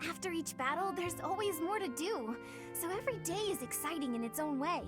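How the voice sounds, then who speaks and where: An actress voicing a shy young woman in a video game, speaking in a halting, bashful way. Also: extremely high pitch, expressive. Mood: cheerful. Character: shy young woman tearfully confessing love. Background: loud game music.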